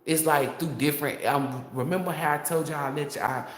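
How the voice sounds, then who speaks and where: A man's voice: fairly high pitch, steady tone, fairly quick. A man giving a tarot reading as a heated, profane, rambling monologue to his viewers. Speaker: tarot reader. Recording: echoey room.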